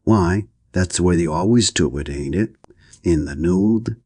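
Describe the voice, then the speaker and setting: Placid young woman for an audiobook, read by a man: prim and unbothered, low and dry. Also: measured pace, a little mellow, husky, dry recording.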